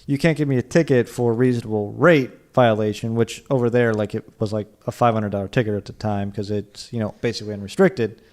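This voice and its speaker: A man's voice: lowish voice, steady tone, quick pace, few pauses, darkish tone. A man co-hosting a car podcast in casual chat, rambling with lots of fillers. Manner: rambling, lots of "like", puts on silly accents. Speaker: podcast co-host.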